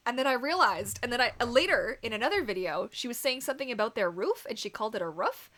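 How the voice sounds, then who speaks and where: A woman's voice: fairly high pitch, big pitch swings, fast, few pauses, fairly bright tone. A young adult woman with a Canadian accent, hosting a casual livestream and chatting with viewers in a giggly way full of fillers. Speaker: livestream host. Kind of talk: casual livestream chat reading comments.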